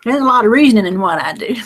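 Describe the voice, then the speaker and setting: A woman's voice: fairly high pitch, expressive, fast. A middle-aged woman, talking in a late-night casual vlog, rambling and folksy, drowsy and close to tears. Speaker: lottery number vlogger.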